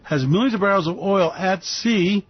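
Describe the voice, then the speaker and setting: A brash male radio host rants through his market commentary with a fairly high voice and a sarcastic edge. The sound is dry and a little dull, like a lo-fi studio feed. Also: normal speed, no echo. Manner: loud, sarcastic, mocking put-on voices. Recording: dry, slightly dull lo-fi recording.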